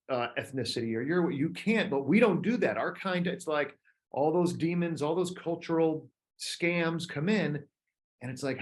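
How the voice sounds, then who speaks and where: A man in his fifties, a coach talking casually to other coaches, telling animated stories and acting out little voices. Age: 50s. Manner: drops to a soft, low voice on key points. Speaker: coach leading a group call. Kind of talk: casual talk to fellow coaches.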